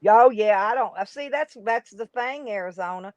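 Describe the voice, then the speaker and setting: A woman's voice: a little high, normal speed, darkish tone, no echo. A woman, chatting in a rambling way with viewers as host of a live stream. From United States. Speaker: livestream host. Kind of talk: casual live chat reading comments. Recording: dry, dull lo-fi stream audio.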